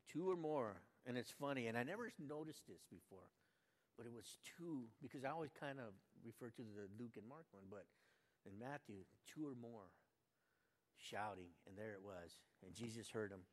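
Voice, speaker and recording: An older man reading a Bible passage aloud, then musing on it in a folksy, conversational way, rising to loud fervent cries and dropping to quiet asides. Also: mid-range voice, expressive, normal speed. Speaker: Bible reader and preacher. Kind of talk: informal devotional Bible reading and reflection. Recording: long hall reverb.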